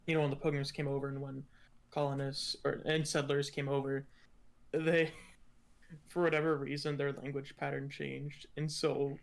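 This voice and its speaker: Gravelly man rambling on a podcast. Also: mid-range voice, flat delivery, normal speed. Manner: rambling, laughs often. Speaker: podcast co-host. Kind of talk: casual chat.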